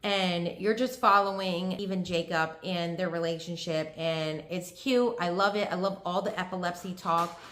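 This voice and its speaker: A woman's voice: fairly low pitch, steady tone, normal speed, few pauses, fairly bright tone. A young woman chatting casually about books she read, gushing and peppering her talk with fillers. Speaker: book vlogger. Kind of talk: casual book review chat. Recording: echoey room.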